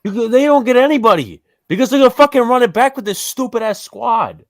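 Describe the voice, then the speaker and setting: Livestream co-host, young New York man, angry ranter, pitch swings a lot. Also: expressive, fairly quick, dry recording, studio quality. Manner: angry ranting, heavy swearing. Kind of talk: heated live sports chat.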